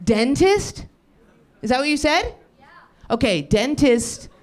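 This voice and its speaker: A young woman riffing stand-up off the crowd's suggestions, brash and profane. Her voice sits a bit high, and she jumps from one bit to the next fast. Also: very animated. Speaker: stand-up comedian. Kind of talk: improvised stand-up.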